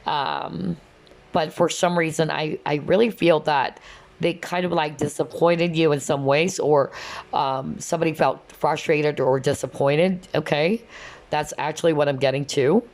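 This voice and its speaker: A woman's voice: low voice, steady tone, measured pace, darkish tone. A woman giving a casual, chatty tarot reading, often checking in with "okay?" and "you know". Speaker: tarot reader.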